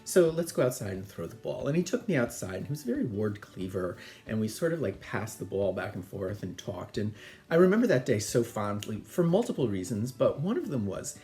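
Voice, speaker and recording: A middle-aged man, the host, telling family stories in a chatty, animated way and laughing often. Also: fairly low pitch, a little fast, soft background music. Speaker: podcast host. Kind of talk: casual storytelling.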